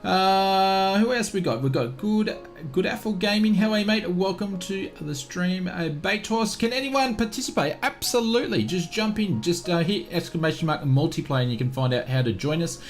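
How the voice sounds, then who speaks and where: A man's voice: sits high, normal speed, faint music behind. A man with an Australian accent hosting a live flight sim stream, chatting upbeat and greeting viewers one by one.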